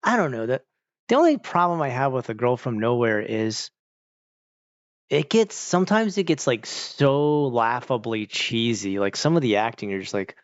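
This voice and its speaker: A man's voice: mid-range voice, animated, normal speed, dry recording, dull audio. A man streaming and chatting casually with viewers, rambling, saying "like" a lot and laughing often. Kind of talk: casual chat.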